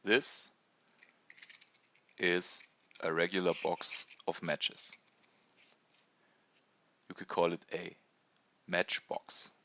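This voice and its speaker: A man in his thirties from Germany with a German accent, hesitantly presenting a casual toy review with many pauses and fillers. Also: low-pitched, level tone, fairly bright tone, dull audio. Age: 30s. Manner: hesitant, many ums and uhs.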